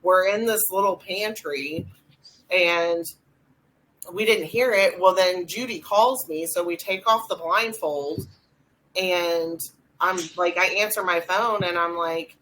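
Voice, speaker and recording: A young adult woman, co-hosting a podcast and retelling a ghost hunt in a rambling, animated way with lots of fillers. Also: lowish voice, slow, slight background noise, poor audio. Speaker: podcast co-host. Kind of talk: casual storytelling chat.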